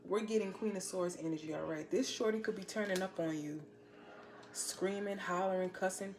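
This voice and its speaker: Blunt, slangy woman reading tarot. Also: medium pitch. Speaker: tarot reader.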